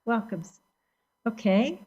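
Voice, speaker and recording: A woman hosts a group video call. Her voice sits a little high, and she speaks slowly. She welcomes each participant by name in a friendly way. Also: expressive, mellow, husky, highs cut off. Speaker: discussion moderator.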